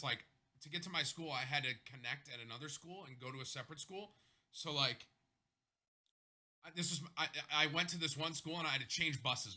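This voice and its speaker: A young male streamer telling a childhood story to his chat, loose and rambling, often cutting himself off to start over. His voice is sitting a little high and sounds very bright and forward. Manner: rambling, self-interrupting, animated. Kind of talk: casual storytelling to a live chat.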